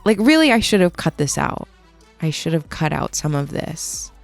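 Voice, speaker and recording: A young woman records a casual, rambling voiceover over her workshop footage, teasing herself as she goes. Her voice sits a little low and has a gravelly fry. Faint music plays under her words. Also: big pitch swings, normal speed. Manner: rambling, self-mocking, laughs often. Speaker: metalsmith and video maker. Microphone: studio voiceover mic.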